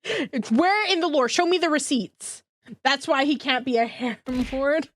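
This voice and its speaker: Bubbly, higher-voiced woman streamer. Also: a little slow. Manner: bubbly and rambling, laughs often. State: congested. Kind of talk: casual live-stream chat.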